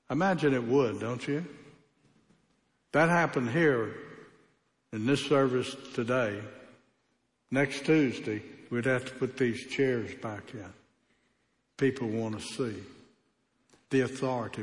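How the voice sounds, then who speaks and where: A man preaching a sermon as pastor, emphatic and with a varied pace. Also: mid-range voice. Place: church. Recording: echoey church hall.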